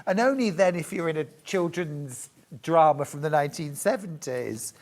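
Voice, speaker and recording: A woman's voice: deep voice, animated, normal speed, a little mellow. A middle-aged woman presenting crafts on a shopping channel, chatty, jokey and upbeat as she demonstrates products live.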